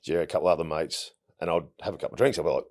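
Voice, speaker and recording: Australian bloke in his 40s, very low voice, laid-back storyteller who trips over his words. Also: very fast. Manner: relaxed, anecdotal, frequent restarts. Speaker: guest, retired footballer. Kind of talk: casual interview storytelling.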